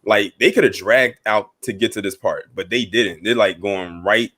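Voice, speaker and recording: A man's voice: lowish voice, moderate pace, fairly bright tone. Man co-host, casual pop culture chat, easygoing and rambling delivery. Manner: easygoing, rambling, frequent "like" and "you know".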